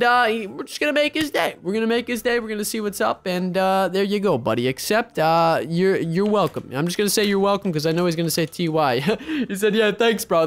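A young man giving excited, energetic gameplay commentary as a YouTuber, breaking into yelps and shouts at the action on screen. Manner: energetic, bursts into high yelps and shouts at the game. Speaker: gaming YouTuber.

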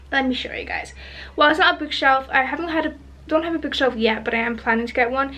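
A woman's voice: high voice, fairly quick, sharp tone. A woman chatting in a bubbly, rambling way as a book vlogger. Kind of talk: chatty vlog.

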